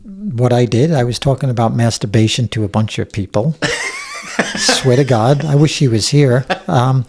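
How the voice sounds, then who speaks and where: A man speaks as a guest in a relaxed interview, his voice gravelly and mellow. He talks bluntly and candidly and swears freely, with an average pitch. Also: normal speed, a little hiss or hum. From Staten Island, New York. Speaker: podcast guest. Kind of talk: casual interview conversation.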